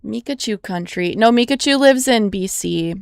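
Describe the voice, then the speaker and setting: A woman's voice: medium pitch, expressive, moderate pace, creaky, clean tone, no echo, studio quality. A young American woman livestreaming in casual chat, rambling and easily surprised, now and then swearing when startled. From United States. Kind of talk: casual live-stream chat.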